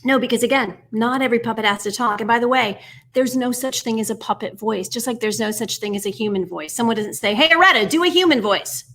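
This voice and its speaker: A woman's voice: on the high side, quick pace. Upbeat American woman teaching puppetry. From United States. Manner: energetic and encouraging, keeps asking "right?"; counts steps aloud, often dropping to a whisper. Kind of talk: online workshop instruction.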